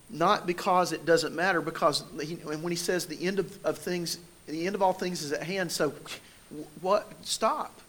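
A man's voice: fairly high pitch, a bit bright, slight background noise. A man preaching a sermon, telling a personal story in a conversational way and building emphasis as he makes his point. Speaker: pastor.

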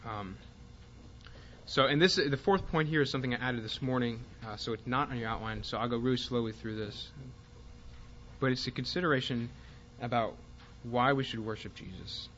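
A man teaching a Bible class, speaking haltingly with fillers and restarts and reading passages aloud with more force. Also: medium pitch, a bit bright, dull audio.

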